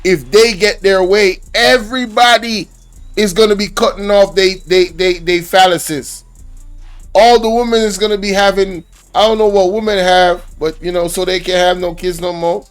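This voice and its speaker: A man's voice: high voice, steady tone, moderate pace, clear, resonant tone, soft background music. A man with a Jamaican accent hosting a reaction channel, talking to viewers in an indignant, preachy way. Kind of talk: casual reaction commentary.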